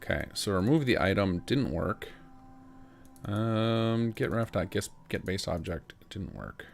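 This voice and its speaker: A man narrating his modding session live, thinking aloud in quick, casual bursts and tossing off jokes. His voice sits fairly low and carries a gravelly, fry-heavy texture. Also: lively intonation. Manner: rapid, casual thinking aloud with joking asides. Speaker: game modder streaming his work. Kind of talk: live commentary while modding.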